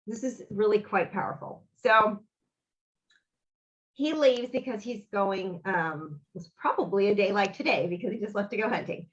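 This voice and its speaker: A woman's voice: mid-range voice, animated, normal speed, highs cut off. A woman, a guest on an interview, telling a personal story in an earnest, rambling way and acting out the dialogue. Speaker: interview guest, author and bereaved mother.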